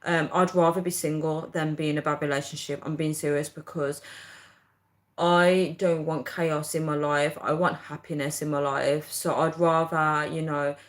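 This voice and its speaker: A young woman chatting casually to viewers, ranting in an animated way and laughing often. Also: low-pitched, normal speed. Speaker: vlogger.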